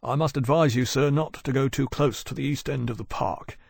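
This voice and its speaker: A man's voice: medium pitch, creaky, no room sound, studio quality. A man doing a deferential house footman. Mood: polite. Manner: polite, measured. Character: well-trained, deferential male house footman.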